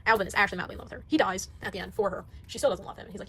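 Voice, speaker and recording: A woman's voice: medium pitch, very fast, pushed and bright, slight background noise, poor audio. A woman giving a casual tour of her sketchbook, gushing and rambling, often trailing off into mumbles. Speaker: artist showing her sketchbook.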